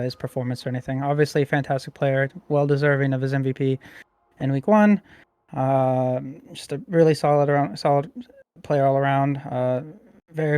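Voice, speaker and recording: A man's voice: mid-range voice, a little mellow. A man on a podcast talking about his team, with lots of fillers and restarts. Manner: hesitant, many fillers and restarts. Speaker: competitive player guest. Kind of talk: casual podcast chat.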